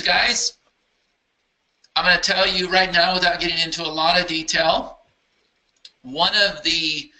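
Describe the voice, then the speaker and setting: A man with a very bright, forward voice sitting a little above the usual pitch runs a loose live question-and-answer session for his users. He rambles cheerfully, thinks out loud as he navigates his screen, and sounds keen about what he is building. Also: poor audio. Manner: enthusiastic, rambling, thinks aloud while clicking around. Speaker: software company founder answering user questions. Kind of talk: casual live Q&A with screen demo.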